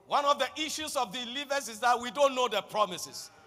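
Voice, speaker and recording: A man preaching a sermon with passion, often rising to shouted declarations. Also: extremely high pitch, animated, fairly quick. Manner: impassioned, building to shouted declarations. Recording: long echo of a large hall.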